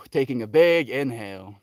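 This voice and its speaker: A man hosting a daily livestream, talking in a soft, meandering and reflective way, with many fillers and restarts. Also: medium pitch, slightly rough, no room sound, clean studio sound. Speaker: livestream host. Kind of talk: reflective spiritual livestream talk.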